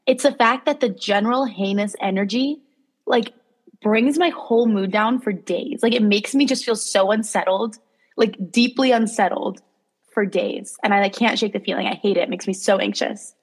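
A young woman co-hosting a podcast, chatting casually with quick, filler-heavy talk. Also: mid-range voice, husky. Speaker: podcast co-host. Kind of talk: casual chat.

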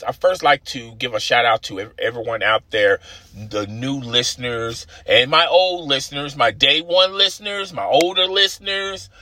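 Male podcast host, solo talk, chatty and rambling; bright, forward tone, dry close sound. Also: mid-range voice, no echo. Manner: rambling, chatty, keeps asking "okay?". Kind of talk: casual solo podcast monologue.

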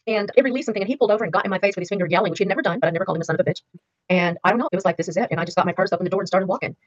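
A woman's voice: medium pitch, very fast, no echo. A woman in her sixties telling her own story in an interview, emphatic and repeating key words for weight. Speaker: interview guest. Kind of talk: candid personal storytelling interview. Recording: dry, slightly dull lo-fi sound.

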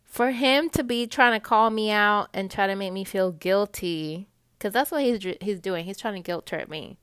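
A young woman telling a story to her viewers in a casual, animated rant, swearing freely as she gets heated. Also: mid-range voice, moderate pace, smooth, no room sound. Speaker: vlogger.

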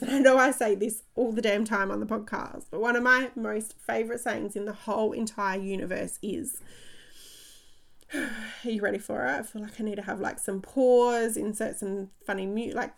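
A woman in her thirties talks straight to her listeners in a motivational podcast monologue. She tells her stories in an excited, chatty rush and laughs easily. Her voice has a gravelly fry running through it. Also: medium pitch. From Australia. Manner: energetic, chatty storytelling with frequent laughs. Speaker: podcast host and coach.

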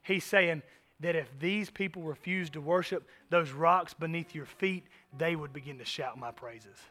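A man preaching a sermon as pastor, animated, swinging from loud emphasis to hushed asides. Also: on the high side, normal speed.

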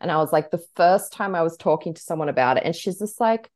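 A young woman co-hosts a podcast in casual chat, bubbly and laughing often, talking in quick bursts packed with fillers. Her voice is deep, animated, and darkish in tone.

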